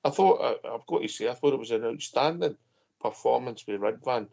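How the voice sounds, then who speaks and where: Gravelly man moaning about football. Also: medium pitch, animated, fairly quick, mellow. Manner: blunt, frustrated match critique, calls co-host "mate". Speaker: phone-in host. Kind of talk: football phone-in chat. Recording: dull lo-fi audio.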